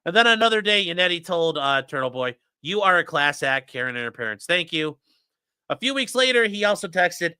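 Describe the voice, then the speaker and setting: A man's voice: high-pitched, big pitch swings, a little fast, bright, forceful tone, smooth, dry recording, studio quality. A man hosting a casual livestream, ranting sarcastically and with profanity while reading out and mocking legal filings. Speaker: host.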